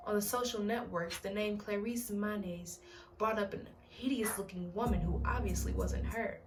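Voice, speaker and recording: A woman's voice: mid-range voice, steady tone, moderate pace. Woman, casual book reading, jokey asides, a bit distant from the mic, background music. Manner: reads aloud, breaks off to joke and laugh at the text. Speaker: book reader and channel host.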